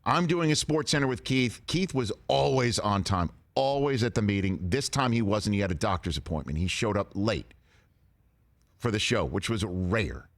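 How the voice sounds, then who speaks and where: A middle-aged man hosting a sports radio talk show, telling stories with lively quoted voices. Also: lowish voice, moderate pace. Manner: animated storytelling with quoted voices.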